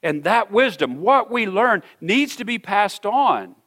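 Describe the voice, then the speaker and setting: A middle-aged man preaching a sermon to a congregation in a church hall, earnest, often repeating words and slowing down to stress a point. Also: high-pitched, sing-song, a bit bright. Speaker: pastor.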